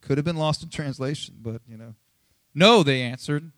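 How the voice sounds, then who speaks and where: A pastor giving a casual, conversational sermon, chatty and animated, acting out Bible scenes in quick asides. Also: male voice, medium pitch, no room sound, clean studio sound. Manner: chatty, animated, acts out Bible quotes, many fillers.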